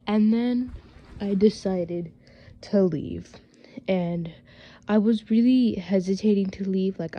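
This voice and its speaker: Woman rambling thru a storytime vlog, lots of likes, mellow lowish voice, kinda muffled lo-fi mic. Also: slight background noise. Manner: rambling, filler-heavy, exasperated. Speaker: vlogger.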